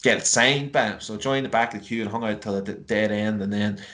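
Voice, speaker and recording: A man's voice: fairly low pitch, steady tone, fast talker, a bit bright. An Irish man from Ireland, a podcast guest on a video call, telling a long story in casual chat, swearing freely and full of fillers.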